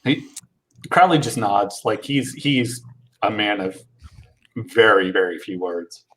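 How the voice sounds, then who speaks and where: A man playing a tabletop game in relaxed, joking banter. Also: lowish voice, slow, a little hiss or hum. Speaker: player. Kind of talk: casual tabletop play.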